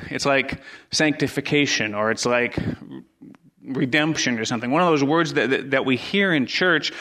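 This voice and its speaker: A middle-aged man preaching a sermon as pastor, earnest, repeating his phrases and dropping from loud stress to near hush. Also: mid-range voice.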